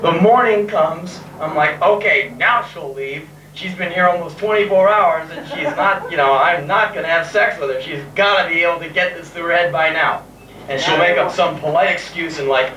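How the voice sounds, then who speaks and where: A man's voice: on the high side, moderate pace, bright, forceful tone, highs cut off. A man in his thirties telling a sarcastic, self-mocking story live on a pub stage and swearing freely. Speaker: spoken word performer. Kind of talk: live spoken word storytelling. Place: pub stage in front of an audience. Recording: echoey, distant, noisy live bootleg tape.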